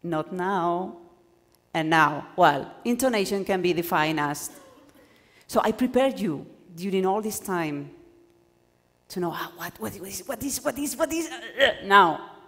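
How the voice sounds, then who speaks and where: A woman whose first language is Spanish gives a lively workshop lecture to doctoral students, acting out examples and often restarting her sentences. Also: medium pitch, measured pace. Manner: animated, acts out examples, stumbles and restarts. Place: lecture hall. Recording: lecture hall with long reverb.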